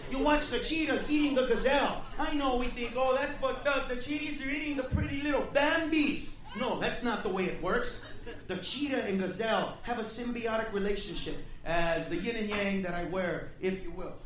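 A man from the United States doing a profane stand-up comedy set, shouting rants at the audience. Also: extremely high pitch, moderate pace, music in the background. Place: comedy club stage. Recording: roomy club recording from off-mic with crowd and noise. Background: audience laughter.

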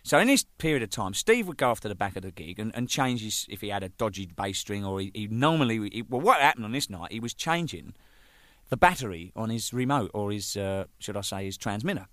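A man's voice: on the low side, big pitch swings, fairly quick, no room sound, studio quality. A man telling a rambling, swearing anecdote about his band. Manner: rambling, swearing, laughing, acting out shouted quotes. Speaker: band drummer telling stories. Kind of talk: casual storytelling monologue.

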